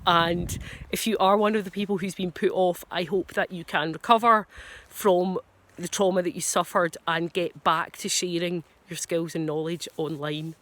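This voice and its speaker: A Scottish woman who trains dogs, speaking to camera in a relaxed, candid way. She gives plain-spoken advice and pokes fun at herself in passing. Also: lowish voice, normal speed. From Scotland. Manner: frank, plain-spoken, self-deprecating. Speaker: dog trainer. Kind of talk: casual advice talk to camera.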